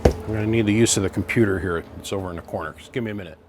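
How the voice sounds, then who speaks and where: A man's voice: fairly low pitch, racing, background noise. A man in his home workshop, talking through radio gear in a folksy, chatty way and thinking aloud as he explains. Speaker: radio equipment hobbyist. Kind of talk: casual workshop vlog.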